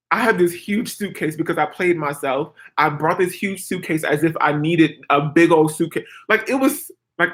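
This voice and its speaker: A woman vlogger in her twenties, with a deep voice, tells her viewers a story casually. She's animated and chatty, sprinkling in plenty of "like" and "girl."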